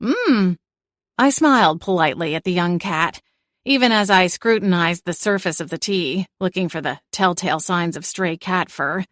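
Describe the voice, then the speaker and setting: A woman giving an expressive first-person audiobook narration into a studio microphone. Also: lowish voice, normal speed, dry recording.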